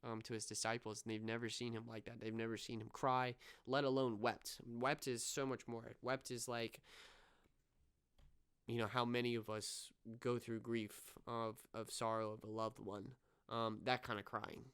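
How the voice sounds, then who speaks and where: Young male podcast co-host, casual recap delivery, very smooth clean voice, mid pitch, earnest. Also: level tone, normal speed, a bit bright. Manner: earnest, retells scenes with many fillers. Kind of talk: casual show review.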